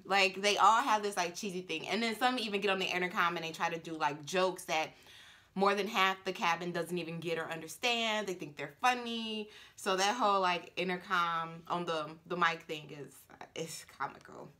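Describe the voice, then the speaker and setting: A woman's voice: on the low side, normal speed, bright, forceful tone. A woman who works as a flight attendant, chatting casually in a reaction video with many fillers and laughs.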